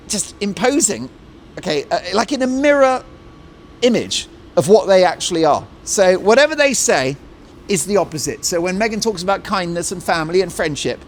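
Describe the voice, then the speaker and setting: Animated, mocking male talk show host. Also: fairly high pitch, slight background noise. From Britain. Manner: animated, mocking, swings into jokey put-on voices. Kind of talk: opinionated talk show monologue.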